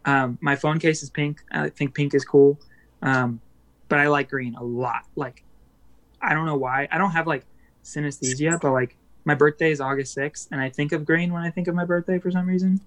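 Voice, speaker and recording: A man's voice: a little high, fairly even intonation, normal speed, a bit bright. A young adult man, a musician guest on a podcast, chatting casually and rambling with many fillers and restarts.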